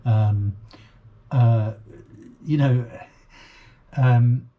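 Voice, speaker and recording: A man's voice: mid-range voice, extremely slow, phone-quality sound. A British man hosting a reaction video, chatting casually in a hesitant way, full of ums and trailing asides. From Britain. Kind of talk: casual chat.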